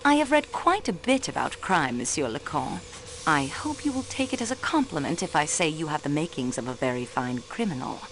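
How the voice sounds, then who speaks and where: An actress playing a young railway clerk questioning suspects in a murder mystery game, probing and coolly observant. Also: female voice, sits low, sing-song, brisk, slight background noise, rough recording. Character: sharp young female railway clerk acting as detective.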